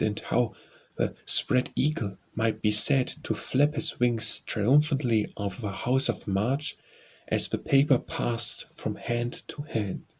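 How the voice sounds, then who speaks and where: A man narrating a classic novel as an audiobook in a measured, even-toned way. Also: medium pitch, slightly rough, rough recording.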